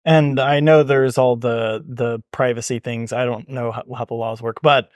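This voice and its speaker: A man's voice: mid-range voice, fairly even intonation, moderate pace, dry recording, clean studio sound. A man hosting a podcast interview, asking and relating in a hesitant, thoughtful way. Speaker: podcast host.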